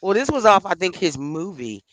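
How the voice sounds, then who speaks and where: A woman's voice: fairly low pitch, very animated, normal speed, dry recording. A woman co-hosting a casual live stream chat, teasing playfully and laughing often while she packs things with tape. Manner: busy packing items with tape while talking.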